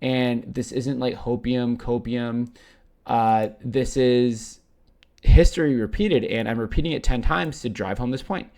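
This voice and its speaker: A Canadian-accented man runs a crypto channel, chatting casually over his screen share in a gravelly, mid-range, slightly mellow voice at a measured pace. He's talkative, swears offhandedly, and tags "right?" onto almost every point.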